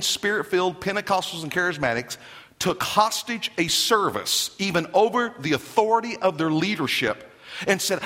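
A man preaching a sermon in an emphatic, animated way, with joking asides to the congregation. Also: a little high, big-room sound. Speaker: pastor.

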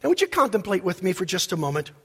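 A man preaching a sermon as pastor, emphatic, with loud peaks and quiet asides. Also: high-pitched, wildly swooping pitch, very fast, slightly rough, long reverb tail.

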